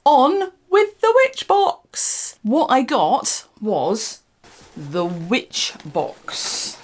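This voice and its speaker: An older woman, hosting an unscripted casual product review in a rambling, dry and sarcastic way. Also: medium pitch. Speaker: channel host reviewing products.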